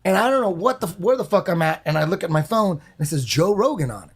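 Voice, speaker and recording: A man casually telling an animated, profane story on a podcast, acting out voices and sounds. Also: high-pitched, fast, husky. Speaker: guest storyteller.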